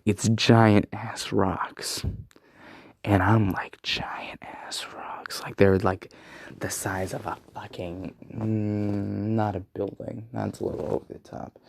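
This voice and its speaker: A man's voice: fairly low pitch, gravelly, a little mellow, slight background noise. A young man casually telling a fan story, rambling with lots of fillers and swearing.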